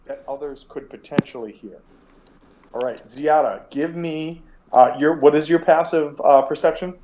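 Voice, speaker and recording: A man's voice: a little high, normal speed, dark tone, a little hiss or hum. A man running a tabletop game as game master, talking casually and rambling, with frequent restarts.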